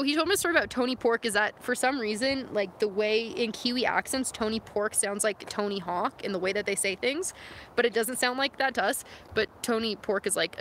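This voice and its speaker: A woman's voice: on the high side, a bit bright. A young woman from San Francisco live-streaming outdoors, chatting casually and reading viewer comments aloud. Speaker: vlogger reading live chat. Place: outdoors in the wilderness. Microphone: phone camera. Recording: faint outdoor noise.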